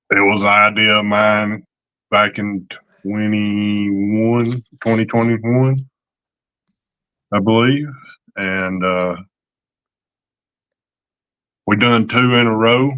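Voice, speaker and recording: A man from Georgia with a Southern accent, co-hosting a casual livestream and greeting viewers by name in a slow drawl. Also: fairly low pitch, steady tone, sharp tone, clean tone, no echo. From Georgia, USA. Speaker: co-host of a relics livestream. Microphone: desk mic, typing nearby.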